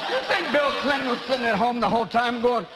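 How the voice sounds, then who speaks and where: A man performing a stand-up comedy set in a large theatre, with a fast, mocking delivery. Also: extremely high pitch. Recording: loud noise, live theatre.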